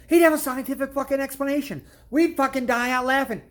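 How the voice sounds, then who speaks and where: A man's voice: very high-pitched, fast, hardly any pauses. A man hosting his own channel, telling stories in a blunt, crude comedic rant and swearing constantly. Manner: storytelling with repeated "I'm like" asides. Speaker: channel host. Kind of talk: profane comedic rant to camera.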